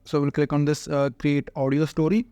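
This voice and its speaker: A man talks viewers through a website as a tech tutorial host, explaining each click step by step with frequent "uh" fillers. His voice sits a little high. The recording is dry and close, with no room sound. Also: level tone, brisk, mellow, clean tone, no room sound. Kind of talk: casual screen-recorded software walkthrough.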